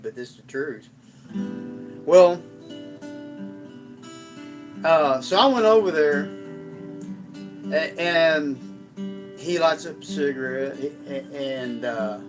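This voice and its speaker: A middle-aged man on a live stream, telling a personal story in a folksy, rambling way with frequent restarts. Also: fairly high pitch.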